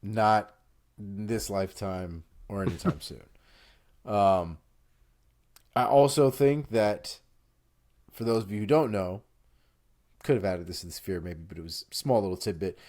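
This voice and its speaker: A man's voice: fairly low pitch, lively intonation, unhurried, long pauses, a little mellow. A man co-hosting an MMA show, giving his fight prediction with confidence. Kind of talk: casual fight prediction chat.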